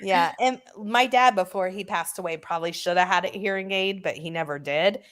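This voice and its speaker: A woman hosting a casual online chat, telling stories with lively asides and putting on loud voices for the people she quotes. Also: medium pitch, a little fast. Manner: chatty storyteller, acts out loud voices in quotes. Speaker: host.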